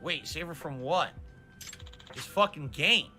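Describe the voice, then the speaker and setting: A man's voice: fairly high pitch, lively intonation, a little slow, over music. A man commenting on a video game as he plays it, sarcastic and profane, often reading the game's lines aloud in mocking voices. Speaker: streamer playing a video game. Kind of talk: casual gameplay commentary.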